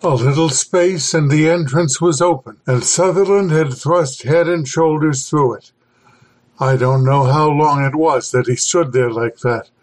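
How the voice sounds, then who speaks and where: A man reading a horror story aloud as the podcast host, slow and deliberate. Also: on the high side, rough recording. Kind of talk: scripted horror narration.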